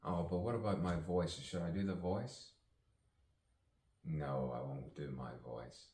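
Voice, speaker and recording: Recorded at a distance in a roomy space, an actor and poet makes up spoken-word poetry on the spot. His low-pitched, dark-toned voice moves at a measured pace as he muses playfully, laughing softly between lines.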